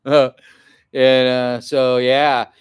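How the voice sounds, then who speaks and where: Male outdoor vlogger, mid-pitched, smooth clear voice, dry close sound, loose profane storytelling. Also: flat delivery, very slow, no room sound. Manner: rambling and profane, acts out what others shouted. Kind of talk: casual storytelling to camera.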